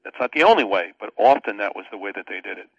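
A man's voice: fairly low pitch, animated, fast talker, dry recording, rough recording. An older man, a pastor, explaining a Bible verse as a radio guest in an earnest, teacherly way with many restarts.

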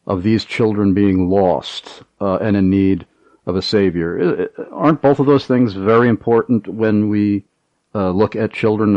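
This is a man hosting a call-in radio show. His voice sits a little low and he asks long, winding questions full of filled pauses. The sound is a bit dull, like a radio broadcast. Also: a little mellow, no echo. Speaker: radio talk show host.

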